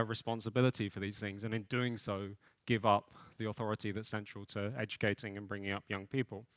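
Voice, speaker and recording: A man's voice: lowish voice, a bit bright, no echo. Thoughtful man giving a keynote lecture. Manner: thoughtful, hedging with frequent fillers. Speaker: keynote speaker. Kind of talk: conference lecture.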